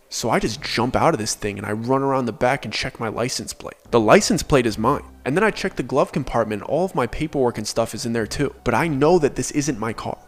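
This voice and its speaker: A young man telling a personal story to his channel in an earnest, conversational way, with frequent filler "like". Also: medium pitch. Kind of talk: casual first-person storytelling.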